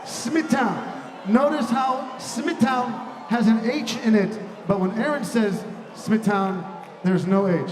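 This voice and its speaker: A high-pitched young man emcees a huge live event, shouting cheerful banter through a handheld mic. His voice rings from a distance through a big echoing hall. Music and a loud crowd fill the space behind him. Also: takes it slowly, noisy background. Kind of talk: live stage hosting with crowd work. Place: large indoor hall with a big audience. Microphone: handheld microphone.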